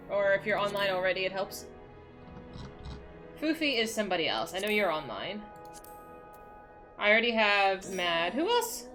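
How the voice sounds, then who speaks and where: A young woman streaming a game, excitable and emotional, chatting with her viewers and swearing now and then. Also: mid-range voice. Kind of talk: casual live-stream gaming chat. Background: game music.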